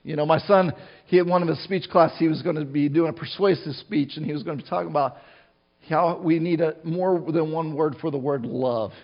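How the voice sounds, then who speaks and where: High-voiced male pastor preaching, lo-fi. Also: fairly even intonation, a little fast. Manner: conversational preaching with frequent restarts and asides. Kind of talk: sermon.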